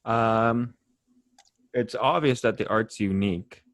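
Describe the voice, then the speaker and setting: Relaxed male discussion leader, low pitch, halting delivery, dry sound. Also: no room sound. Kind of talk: casual chat.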